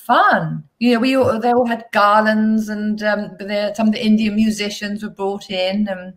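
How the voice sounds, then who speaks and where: Older woman softly recalling the past. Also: mid-range voice, steady tone, moderate pace. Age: 70s. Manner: soft, trailing recollection with restarts. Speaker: guest author. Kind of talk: reminiscing in conversation.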